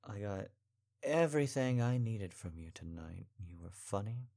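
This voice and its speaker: Soft-spoken deep-voiced man, tender role-play. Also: lively intonation, moderate pace, vocal fry. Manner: soft, tender and reassuring, with frequent sighs. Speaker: boyfriend in an audio role-play. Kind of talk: intimate audio role-play.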